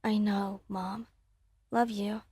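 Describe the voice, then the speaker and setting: A woman voicing a tired young adult answering overbearing parents, soft and muttered, in a whispered role-play. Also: medium pitch, little pitch movement, slow, breathy edge, no echo. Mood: weary.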